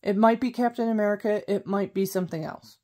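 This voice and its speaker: A woman's voice: mid-range voice, fast talker, warm tone. Rambling, chatty woman vlogger. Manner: rambling, self-correcting, chatty. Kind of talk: casual chat.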